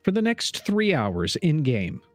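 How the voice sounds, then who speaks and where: A man's voice: fairly high pitch, wildly swooping pitch, measured pace. Male DM, playful teasing narrator, very swooping melodic delivery, music under it. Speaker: dungeon master. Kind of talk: narrating a tabletop game with banter.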